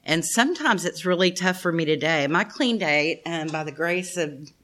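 A woman's voice: fairly low pitch, animated, moderate pace, fairly bright tone. A middle-aged woman giving a heartfelt, self-deprecating talk to an audience in a meeting room. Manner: chatty and self-deprecating, calls the room "y'all". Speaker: guest speaker at a recovery meeting. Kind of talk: heartfelt personal share to an audience.

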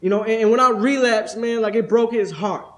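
A man's voice: sits high, fairly quick, a bit bright. A young man speaking at a recovery convention workshop, streetwise and profane, tagging nearly every thought with "right?". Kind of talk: testimony-style workshop talk. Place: convention room.

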